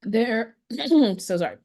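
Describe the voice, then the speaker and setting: A woman heading a college improv club, speaking haltingly and clearing her throat on a video call. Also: on the high side, lively intonation, dark tone. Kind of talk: panel talk over video call.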